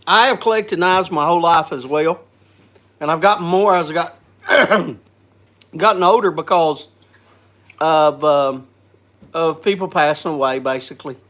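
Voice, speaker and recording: A host with a somewhat high, slightly bright male voice runs a casual live chat while stuffed up with a cold. He coughs, and his speech is halting, with frequent restarts and repeated words.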